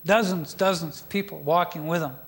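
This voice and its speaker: Pastor, man, middle-aged, high pitched; storytelling sermon with asides to the congregation. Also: a little fast.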